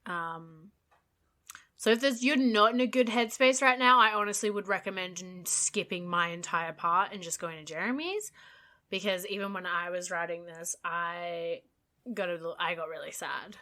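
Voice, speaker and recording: A woman's voice: on the low side, moderate pace, pushed and bright. A woman in her twenties co-hosting a podcast, chatting casually, giggling and swearing freely. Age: 20s. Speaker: podcast co-host. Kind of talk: casual chat.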